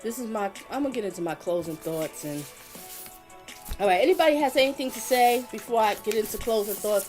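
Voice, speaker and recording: A woman's voice: medium pitch, animated, a little fast, darkish tone, faint music behind. A woman giving casual live stream commentary, talking emphatically, repeating her points and reading viewer comments aloud.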